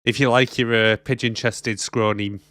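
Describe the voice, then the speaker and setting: A man's voice: mid-range voice, steady tone, moderate pace, a bit bright, no room sound, studio quality. A man co-hosting a casual movie podcast, chatty and jokey, laughing often. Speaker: podcast co-host.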